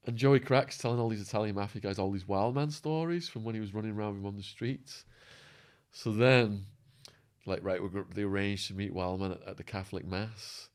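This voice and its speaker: A man telling prison stories as a podcast guest, acting out quotes and laughing, his voice going hoarse. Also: fairly low pitch, fairly quick. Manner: animated storyteller, acts out quotes, laughs. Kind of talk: storytelling interview.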